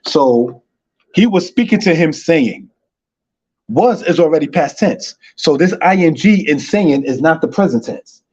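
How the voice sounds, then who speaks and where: Man teaching Hebrew, dark husky voice. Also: fairly high pitch, animated, a little slow, dull audio. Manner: repetitive, addresses listeners as brothers and sisters. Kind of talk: online Hebrew lesson.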